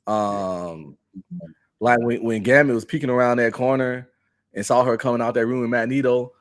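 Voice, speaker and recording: A man's voice: medium pitch, fairly even intonation, moderate pace. A man as a podcast guest in casual chat, slangy and joking with frequent laughs.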